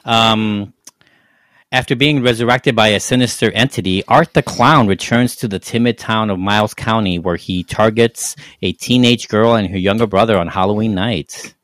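A man with a low voice talks through a film review in a loose, casual way. He circles his points with restarts and fillers. The sound is close and dry. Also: normal speed, a bit bright, no room sound. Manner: rambling, frequent restarts and fillers. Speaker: podcast co-host. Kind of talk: casual movie review chat.

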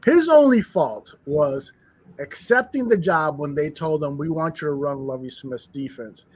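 A man co-hosting a casual sports talk show, telling stories in an animated way with many restarts. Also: on the high side, measured pace, husky, no echo. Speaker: podcast co-host. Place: studio bar room.

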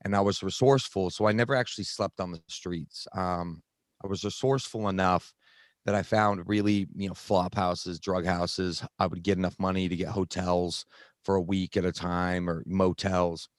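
A man with a very deep voice tells a painful personal story in conversation. He speaks earnestly, stopping and restarting often. The recording is dry, with no room sound. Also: steady tone, no room sound. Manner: earnest, halting, many restarts and fillers. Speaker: guest sharing recovery story.

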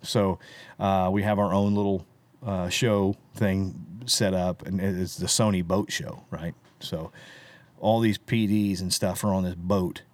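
A country singer telling rambling, animated stories in a casual podcast chat, often tossing in "dude" and "right?". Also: male voice, low voice, no room sound.

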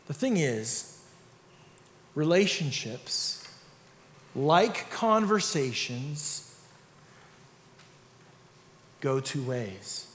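A middle-aged man preaching a sermon as pastor, telling stories in a conversational, animated way. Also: a little high, extremely slow, pauses often, a little hiss or hum. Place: church sanctuary. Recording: echoey church hall.

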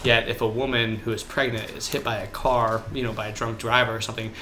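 A young man co-hosting a podcast, talking casually with lots of fillers and quick asides. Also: medium pitch, little pitch movement, noisy background. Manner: loose, filler-heavy talk with quoted voices. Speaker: podcast co-host. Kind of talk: casual chat.

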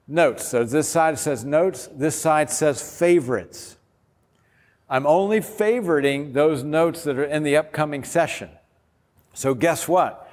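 A man, a pastor, giving an enthusiastic, informal workshop talk while demonstrating an app step by step. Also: on the high side. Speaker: pastor presenting a discipleship app. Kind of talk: workshop presentation. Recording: long hall reverb.

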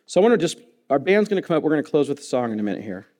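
A man's voice: a little high, sing-song, racing, a little mellow. A man in his thirties, a pastor preaching a sermon in a church, telling a personal story with humor and earnest feeling. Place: church sanctuary.

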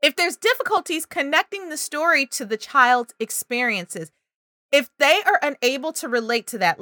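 Woman, speech educator, bright tense tone, slightly high voice, dry close mic, parenting advice. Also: normal speed, dry recording. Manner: animated, acts out child and parent voices.

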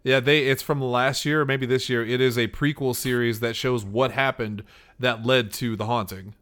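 A man of ordinary pitch chats loosely on a podcast, drifting from point to point as he tells a story. He swears casually and talks in a relaxed, conversational flow. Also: normal speed. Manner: rambling storyteller, swears freely. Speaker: podcast host.

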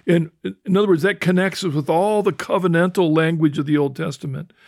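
An older man hosts a teaching talk with a slightly high, gravelly voice. He explains thoughtfully, restarts his phrases, and slows down for quotations. The sound is dry and close. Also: fairly even intonation, darkish tone, dry recording. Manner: thoughtful, explains with restarts and quotes scripture slowly. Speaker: host.

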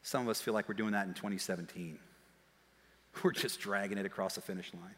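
A man preaching a sermon as pastor, telling stories in a lively way that swings from quiet asides to shouts. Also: on the low side. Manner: animated storytelling, shouting and quick laughs. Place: church auditorium. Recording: long hall reverb.

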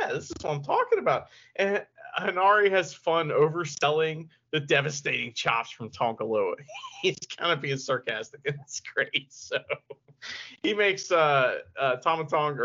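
Animated bright-voiced man, podcast co-host. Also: a little high, normal speed. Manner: animated, laughing, mock-serious. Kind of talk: casual chat reviewing wrestling. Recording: dull lo-fi podcast audio.

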